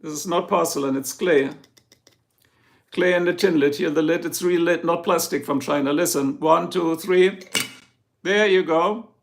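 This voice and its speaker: This is a slightly high, gravelly male voice at normal speed. The speaker is a German-accented man from Germany, hosting a relaxed livestream at home in Ohio where he reads comments, jokes around, and greets viewers by name.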